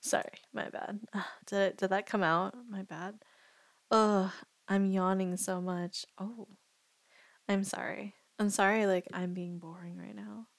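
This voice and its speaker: A woman's voice: mid-range voice, level tone, unhurried, gravelly, no room sound. A woman streamer chatting casually and thinking aloud, rambling and indecisive. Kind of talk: casual live-stream chat.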